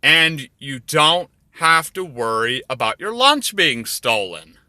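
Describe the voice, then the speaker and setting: A man telling crude comedy stories in a rambling way, with deadpan asides. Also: fairly high pitch, takes it slowly, no room sound. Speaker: storyteller. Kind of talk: crude comedic storytelling over drawings.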